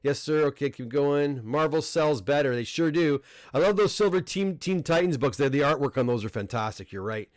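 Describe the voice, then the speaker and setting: A middle-aged Canadian man hosting a casual livestream unboxing, talking in a relaxed, rambling way with frequent restarts and fillers. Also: a little high, brisk, no room sound. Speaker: comic book dealer and host. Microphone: desk microphone close up.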